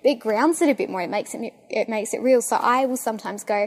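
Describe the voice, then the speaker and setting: A young woman with an Australian accent, talking casually and excitably as a podcast host, with lots of fillers. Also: fairly high pitch, quick pace. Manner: chatty and excitable, full of fillers. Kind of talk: casual monologue.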